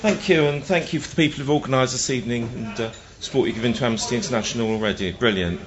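A man representing a charity, giving a measured speech at a live event, with frequent ums and uhs. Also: mid-range voice, roomy sound, muffled recording, noisy background.

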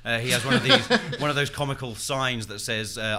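A man's voice: mid-range voice, lively intonation, fairly quick, hardly any pauses, crowd noise. A man telling an improvised comic story, hesitant and full of fillers and laughs. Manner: rambling, hesitant, laughing often. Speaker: comedy game player.

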